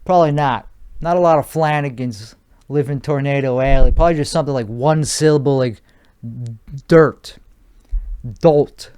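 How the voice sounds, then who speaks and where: A man's voice: medium pitch, normal speed, a little mellow, smooth. Crude, rambling man riffing solo. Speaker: podcast host. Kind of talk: solo comedic riff in character.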